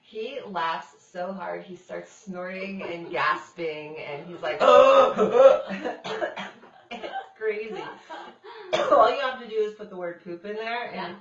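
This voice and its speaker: Woman host rambling and laughing, lowish voice, far off mic in an echoey room, kinda dull sound. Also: a little slow, a crowd in the background. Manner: chatty, laughing, rambling storyteller. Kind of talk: casual chat.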